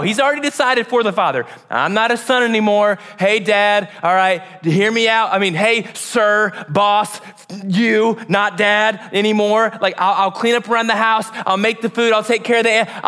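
A man's voice: high voice, pushed and bright. A man doing a desperate, bargaining prodigal son. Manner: talking to himself, pleading, bargaining.

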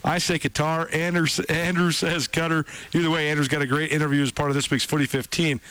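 A man's voice: a little high, flat delivery, quick pace, fairly bright tone, rough recording. Casual male sports radio host. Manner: conversational, loose, with frequent fillers and restarts.

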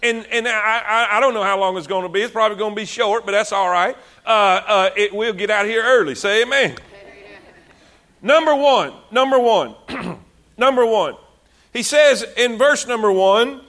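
A man preaching a sermon, exhorting his congregation with repeated phrases and building to fervent shouts. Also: high-pitched, normal speed.

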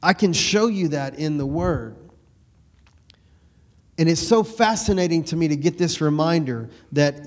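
A middle-aged man from Texas with a slight East Texas twang, preaching a folksy sermon that slows down and grows louder on scripture lines. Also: on the high side. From Texas, USA. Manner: folksy, repeats words, slows and swells on scripture. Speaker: pastor.

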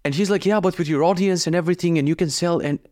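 A man's voice: a little high, fast talker. A young man from Croatia hosting a podcast, telling stories casually with lots of swearing and acted-out dialogue. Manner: profane, animated, acts out his own dialogue. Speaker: podcast host. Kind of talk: casual storytelling monologue.

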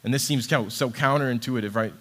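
Fairly quick and fairly bright, his mid-range voice carries a sermon that feels earnest and chatty. The speaker is a young adult man serving as a ministry associate director, and he uses casual fillers.

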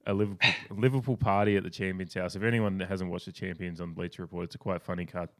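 A man co-hosting a casual sports podcast, telling stories in a rambling, animated way with lots of restarts. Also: low-pitched, fast. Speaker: podcast co-host.

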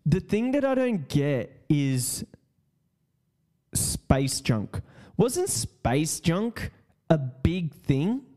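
A man's voice: fairly high pitch, big pitch swings, drawn-out words, mellow. A man hosting a casual solo podcast, rambling, swearing and repeating his words. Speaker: podcast host.

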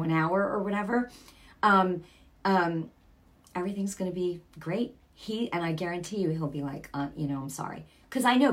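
A middle-aged Christian broadcaster preaches informally on air, earnest and chatty, with sudden bursts of emphasis. Her voice is on the low side and a bit bright.

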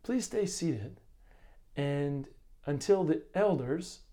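A man voicing a sweet West Indian woman greeter at church, giving gentle, polite instructions in a West Indian accent. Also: a little high, lively intonation, takes it slowly.

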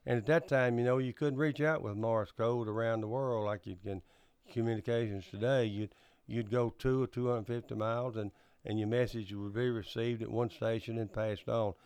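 An older man, recounting his past in an oral history interview, halting often with fillers and restarts and clearing his throat. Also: medium pitch, steady tone, darkish tone. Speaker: interviewee recounting Cold War service.

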